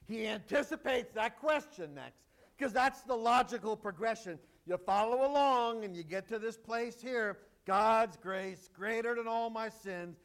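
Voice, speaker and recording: A man's voice: high-pitched, measured pace, hardly any pauses, a bit bright. A male pastor preaching a sermon, emphatic and joking with the congregation.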